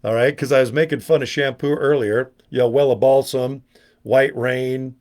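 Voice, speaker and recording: Older male vlogger, 60s, loose digressive delivery with wisecracks and asides, average pitch. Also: fairly even intonation, moderate pace, darkish tone. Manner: joking, digressive, self-mocking asides. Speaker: online business vlogger. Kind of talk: rambling casual monologue to camera.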